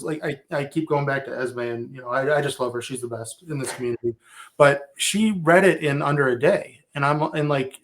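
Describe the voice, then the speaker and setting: A man in his forties from Illinois, an author chatting about his book in a rambling, enthusiastic way. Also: medium pitch. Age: 40s. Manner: rambling, enthusiastic, full of fillers. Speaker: author guest. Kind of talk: casual interview chat.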